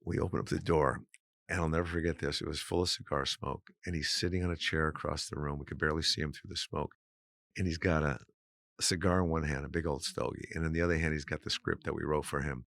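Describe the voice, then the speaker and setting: A man, a guest comedian, telling stories in a casual chat, animated and full of "you know"s. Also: very deep voice, fast talker, creaky, no echo, studio quality.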